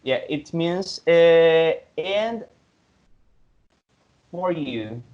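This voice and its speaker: A man's voice: a little high, animated. Patient man tutoring over video call. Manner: patient, explains slowly with examples. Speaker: Spanish tutor. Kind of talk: online language lesson. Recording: slightly dull video call audio.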